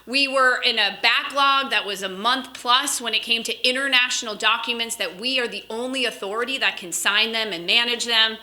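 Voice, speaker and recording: Woman, 30s, high bright voice, chatty convention speaker who tells stories. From Western Wisconsin. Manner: chatty storytelling, quick asides. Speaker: political speaker. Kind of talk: convention speech.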